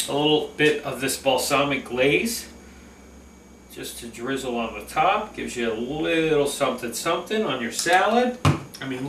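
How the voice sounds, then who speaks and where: A man's voice: on the high side, a bit bright, reverberant, recorded from a distance, a little hiss or hum. A man hosting a cooking vlog, talking casually and enthusiastically through a recipe, often checking in with "okay?".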